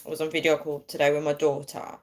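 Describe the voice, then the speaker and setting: A woman's voice: sits low, monotone, fast, a little mellow. A young woman chatting casually to viewers on a phone livestream, laughing often and thanking them.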